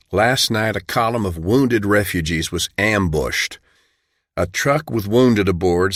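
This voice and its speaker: A man's voice: fairly low pitch, fairly bright tone, no echo, clean studio sound, lightly acted. A man voicing a tough male community leader who talks in a firm, controlled way.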